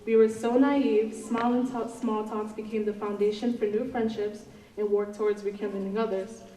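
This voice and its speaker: A woman's voice: mid-range voice, flat delivery, moderate pace, mellow. A teenage woman, the senior class president, reading her graduation speech in an earnest, slightly nervous way. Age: teens. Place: large auditorium. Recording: echoey hall from far off.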